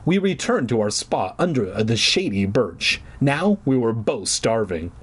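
A man's voice: medium pitch, sing-song, measured pace, husky. A man reading a children's story aloud with irreverent, joking asides. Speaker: reader.

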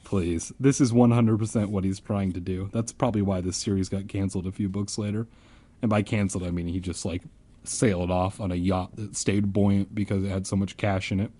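A man reading a kids' book aloud, breaking off for deadpan, sarcastic comedic asides. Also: low-pitched, fairly quick. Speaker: comedic audiobook reader.

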